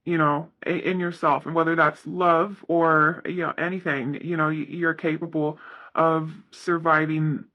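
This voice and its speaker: A man's voice: fairly high pitch, flat delivery, measured pace, dull audio. A man giving a casual tarot reading, talking in a rambling, self-correcting way with lots of fillers. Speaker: tarot reader.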